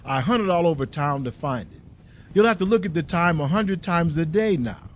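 Man doing a sweet, eager young wife, pitched up, storybook reading. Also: moderate pace, slight background noise, natural voice. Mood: excited. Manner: pleading then excited, sweet.

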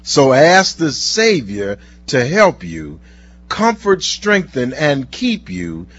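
A male preacher delivering a sermon, telling stories and reading scripture slowly and earnestly in a husky voice. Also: a little high, wildly swooping pitch, a bit bright, dry recording. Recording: dull lo-fi recording.

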